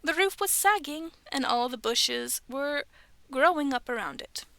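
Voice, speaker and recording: A woman in her thirties reading scary stories aloud from home, breaking off for chatty, self-aware asides and soft whispered remarks. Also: sits high, expressive, measured pace, vocal fry, dry recording. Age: 30s. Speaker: streamer reading online stories. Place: bedroom at home.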